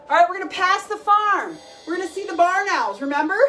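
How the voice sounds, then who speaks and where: A woman fitness instructor leads a children's workout, encouraging the kids and calling out every move and cue in an extremely high, fairly bright voice. She talks briskly with few pauses. The mic sits at a distance, and music plays in the background.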